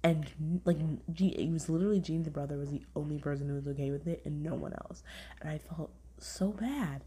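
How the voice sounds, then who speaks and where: A young woman hosts a podcast in a low, fairly quick voice, with slight background noise behind her. Her casual review chat rambles along, packed with "like," and her retellings are animated, often sinking to a half-whisper.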